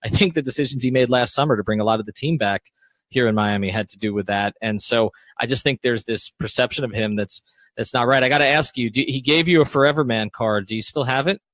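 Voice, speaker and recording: A male podcast host and sports writer giving background and asking interview questions in a measured, explanatory way. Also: medium pitch, fairly bright tone, dry recording. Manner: measured, explanatory, with frequent "uh" fillers.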